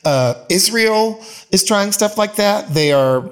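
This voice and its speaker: A man's voice: sits high, animated, takes it slowly. A man hosting a casual chat, campy and bawdy, calling people honey. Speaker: host.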